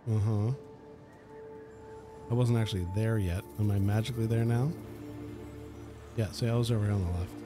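A man's voice: lowish voice, fairly even intonation, normal speed, pauses often. A man casually commenting on a video game as he plays, chatty and sarcastic, swearing freely. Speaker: let's play host. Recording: game music under the voice.

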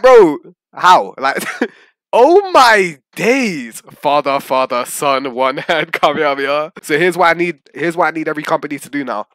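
Excitable young man reacting. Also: a little high, no echo. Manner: excitable, bursts into shouting and laughter, slangy. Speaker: YouTube reaction host. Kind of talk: casual reaction commentary.

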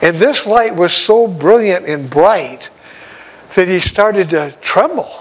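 A man's voice: high-pitched, lively intonation, takes it slowly, rough recording. A man, an evangelist, telling a story in a sermon in a folksy, exclamatory way with frequent chuckles.

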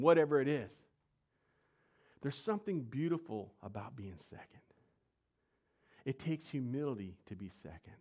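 A man preaching a sermon, telling the story in slangy, animated speech and asking his audience questions. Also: medium pitch, moderate pace, pauses often.

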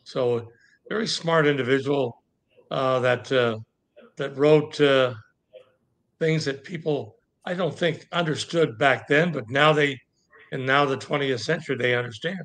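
Hesitant man pausing with fillers. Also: medium pitch, a bit bright. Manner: hesitant, many pauses and fillers. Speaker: guest. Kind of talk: casual answers in conversation.

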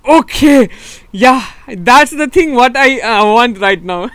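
A young man from Nepal with a Nepali accent, streaming and commenting on his game live, excitable and laughing often, repeating words and switching between English and Nepali. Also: extremely high pitch, slow pace, smooth, no room sound. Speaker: gaming streamer.

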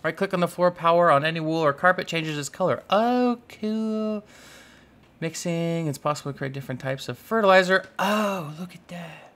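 With a slightly high, bright, forceful voice, a young gaming YouTuber talks fairly quickly and with few pauses. In his casual Let's Play commentary, he plays along, chiding the in-game animals and muttering to himself.

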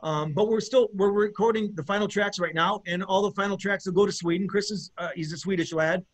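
Chatty high-voiced male bassist. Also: fairly even intonation, fairly quick. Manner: rambling, gushing, lots of fillers and restarts. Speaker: guest musician, bassist. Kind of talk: casual interview chat.

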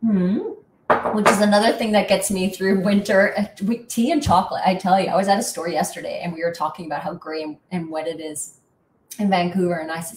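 A woman's voice: fairly low pitch, fairly quick, distant mic, slight background noise. A middle-aged woman from Canada, hosting in a casual, rambling, chatty way. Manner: chatty, rambling, self-deprecating. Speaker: host. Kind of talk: casual chat. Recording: echoey room from off-mic.

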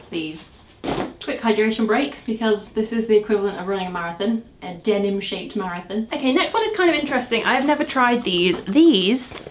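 A woman's voice: mid-range voice, a little hiss or hum. Young woman, casual vlog, self-mocking, exclaiming, a bit breathless, roomy echo. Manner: chatty, self-mocking, exclaims and groans while struggling into clothes. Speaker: vlogger.

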